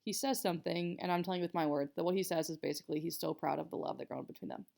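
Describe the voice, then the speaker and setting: A woman's voice: lowish voice, steady tone, very fast, vocal fry, a little mellow. A young woman teacher explaining a writing assignment to students in a casual, chatty way, with many fillers. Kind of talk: casual recorded writing lesson.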